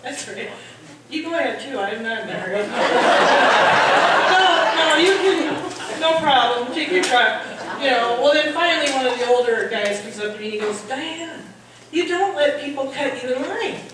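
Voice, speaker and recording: High-voiced woman telling a story in a hall. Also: moderate pace. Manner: animated, acts out the men's shouting in a higher voice. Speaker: storyteller at a party. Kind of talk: live comic storytelling. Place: hall at a holiday party. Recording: echoey hall, mic at a distance, audience noise.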